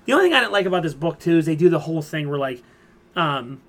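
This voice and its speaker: Talking quickly with big swings in pitch, a male podcast host in a fairly high, somewhat bright voice chats casually about pop culture. He rambles through comic plot summaries with lots of fillers.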